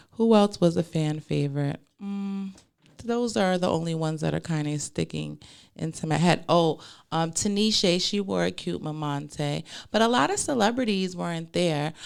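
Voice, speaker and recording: A woman's voice: fairly low pitch, creaky, clear, resonant tone. A woman hosting a casual fashion podcast, chatty and playful, laughing easily, with a New York accent. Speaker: podcast host.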